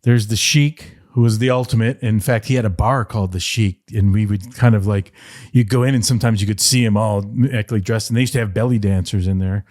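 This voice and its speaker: A middle-aged man from the Detroit area, a podcast guest, telling rambling, animated stories and slipping into playful voice impressions. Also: fairly low pitch, a little fast, no echo, studio quality. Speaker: podcast guest, former wrestling writer. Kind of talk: casual interview storytelling.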